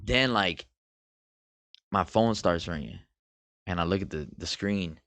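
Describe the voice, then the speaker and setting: A young man co-hosting a podcast, telling a story in casual chat, animated and swearing freely as he acts out scenes. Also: deep voice, measured pace, no room sound. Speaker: podcast co-host.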